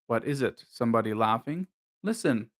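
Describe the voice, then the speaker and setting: A man voicing an eager, excited young boy in a storybook. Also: medium pitch, normal speed, pitched below the performer's own voice. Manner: bright, excited, lifted voice.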